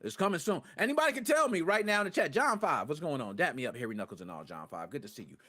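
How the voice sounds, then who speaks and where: A young man hosting a podcast, ranting to his live chat in profane street slang and swinging between loud outbursts and low muttered asides. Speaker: podcast host.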